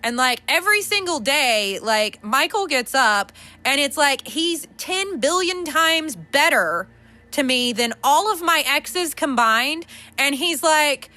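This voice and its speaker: Bright-voiced candid woman podcaster. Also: sits high, lively intonation, slow. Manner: candid, swearing, laughs often, many fillers. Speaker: podcast host. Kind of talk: casual monologue.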